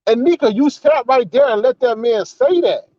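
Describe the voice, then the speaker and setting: A man's voice: very high voice, expressive, normal speed, mellow, no echo. A man giving an indignant, profane, repetitive rant in a commentary vlog. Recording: slightly dull, dry recording.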